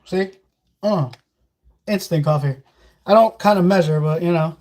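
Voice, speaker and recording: This vlogger's voice sits high with a darkish tone, and he keeps a moderate pace. While fixing food in his kitchen at home, he delivers a casual livestream pep talk full of blunt, preachy, profane life advice.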